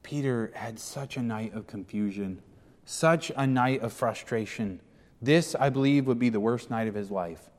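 Pastor acting out scripture with reverb. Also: male voice, medium pitch, unhurried. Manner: animated, acts out the speakers in the passage. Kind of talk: sermon.

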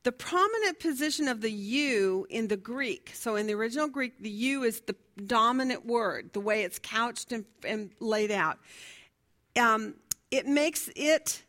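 This woman's voice is fairly high and bright, with lively intonation and an unhurried delivery. She teaches a Bible study in a chatty way, reading from notes and asking the group questions, fumbling the pages and laughing at her own slips.

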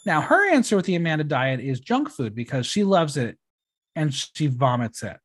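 A podcast host recapping a show in casual chat. The talk is quick and easy, with wry, deadpan little asides dropped in between. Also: mid-range voice.

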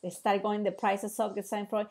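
A woman teaching in a casual explainer style, animated and asking rhetorical questions, acting out little dialogues. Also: mid-range voice, moderate pace.

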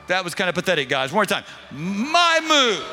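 A male pastor preaching a sermon, leading the congregation in call-and-response, then quiet and earnest in prayer. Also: sits high, racing, slight background noise. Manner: drops to a quiet, intimate prayer tone.

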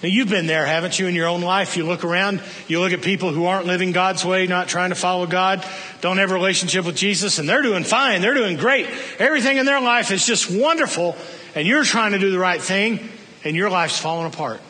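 A man preaching a sermon, telling a story with lively swings between raised, emphatic lines and hushed, low ones. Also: a little fast, in a large hall. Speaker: pastor.

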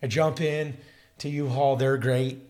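A man's voice: mid-range voice, measured pace. A man casually telling a long travel story, acting out the people he talked to. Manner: animated storytelling, acts out dialogue. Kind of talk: casual chat.

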